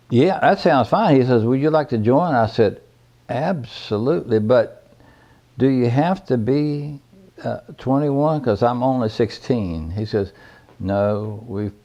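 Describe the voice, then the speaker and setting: A mid-range, dark-toned male voice, highs cut off, belongs to an older caver telling stories from his life. He talks plainly and folksily, drifting from point to point.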